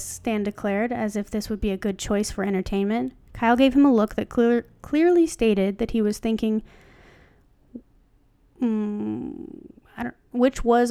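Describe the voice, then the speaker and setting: A woman's voice: on the high side, a little slow, dark tone, clear, resonant tone, no echo. A woman co-hosting a casual podcast, reading a fan story aloud and breaking off to joke and comment. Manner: chatty, joking, stops to comment.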